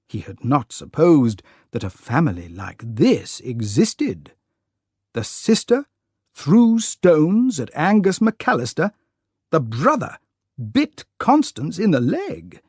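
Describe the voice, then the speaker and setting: Narrator for learners, slow careful pace, lively pitch, lots of expression. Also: no echo, studio quality. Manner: slow, clear and expressive reading. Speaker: audiobook narrator. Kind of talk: scripted narration for English learners.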